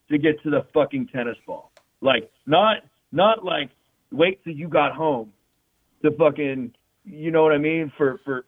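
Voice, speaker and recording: Young guy rambling thru crude funny stories, sounds tinny like over a phone. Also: mid-range voice. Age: young adult. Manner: rambling, profane, loose and joking. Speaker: guest telling stories. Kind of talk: casual storytelling chat.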